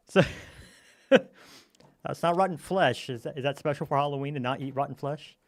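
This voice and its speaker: A man in casual gaming chat, playful and teasing as he tells a silly story to his friends. His voice sits somewhat high. The recording is close and dry, with no room around it. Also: darkish tone, no room sound. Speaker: gamer telling a campfire story.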